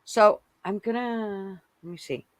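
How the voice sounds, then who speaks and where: A woman's voice: medium pitch, takes it slowly, no echo. A woman chatting casually as a guest on a live stream, eagerly showing and explaining her work. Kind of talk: casual show-and-tell.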